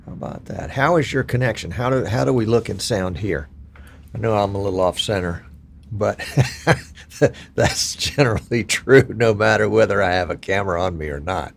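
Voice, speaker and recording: An older man from Virginia hosts a relaxed live stream, greeting viewers and chatting in a homespun, self-deprecating way. His voice sits on the low side. A faint hum of noise runs beneath it. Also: moderate pace, creaky.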